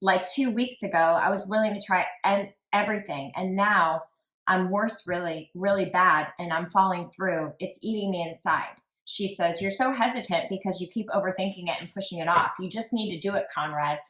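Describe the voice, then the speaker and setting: Woman host, lowish voice, reading texts aloud, casual chat, echoey room. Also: normal speed. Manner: reads quotes flatly with frequent "like" asides. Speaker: true crime podcast host. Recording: roomy echo.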